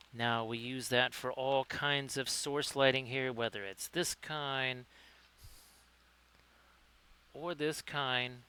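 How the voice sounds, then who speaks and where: Bright, clear-voiced male painting streamer. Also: medium pitch. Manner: chatty, greets viewers by name; upbeat, self-correcting. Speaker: livestream host, painting tutor. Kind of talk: live-streamed miniature painting lesson.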